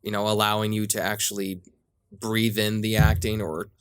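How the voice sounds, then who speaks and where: A man's voice: lowish voice, level tone, moderate pace, clear, resonant tone, dry recording, studio quality. A man co-hosting a podcast, chatting casually and enthusiastically about a film. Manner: enthusiastic, laughs often. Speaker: podcast co-host. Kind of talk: casual film review chat.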